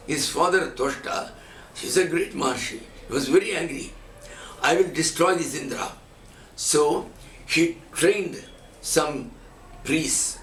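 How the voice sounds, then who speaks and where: A man's voice: fairly high pitch, fairly bright tone. A man giving a spiritual teaching talk as a swami, telling stories and chanting Sanskrit verses as examples. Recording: echoey room from far off, faint noise.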